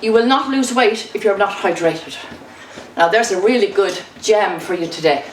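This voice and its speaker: A woman's voice: mid-range voice, moderate pace, slight background noise. Cheery woman fitness instructor, bit breathless from bouncing, echoey room, mic kinda far off. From Ireland. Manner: upbeat, encouraging, talks while bouncing. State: slightly out of breath. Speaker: exercise instructor. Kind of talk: exercise demonstration. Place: indoors at home.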